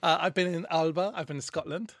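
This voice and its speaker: A man's voice: a little high, fast, a bit bright, dry recording, studio quality. A man co-hosting a podcast in casual chat, camp and playful, often laughing. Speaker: podcast co-host.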